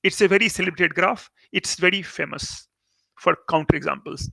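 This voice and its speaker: A man's voice: high-pitched, moderate pace, vocal fry, bright, forceful tone, dry recording. A man with an Indian English accent teaching calculus in a recorded lecture, explaining step by step and repeating key words for emphasis. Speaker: maths teacher.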